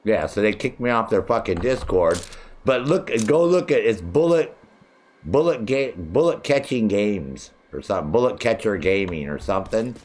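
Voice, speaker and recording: A man in his sixties streams a video game and rants angrily, swearing constantly at rivals who kicked him off their chat and mocking them in put-on voices. His fairly low, darkish voice is very animated, at normal speed.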